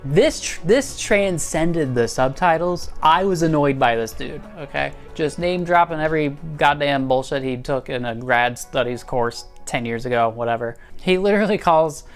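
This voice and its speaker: A woman's voice: low voice, moderate pace, hardly any pauses, faint music behind. A woman hosting a comedic movie review, sarcastic and profane, mocking the characters in silly quoted voices. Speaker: video essay host.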